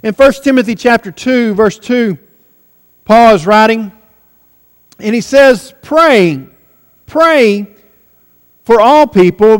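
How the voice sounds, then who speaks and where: A man's voice: very high voice, big-room sound. A man preaching a sermon earnestly, with rising and falling emphasis.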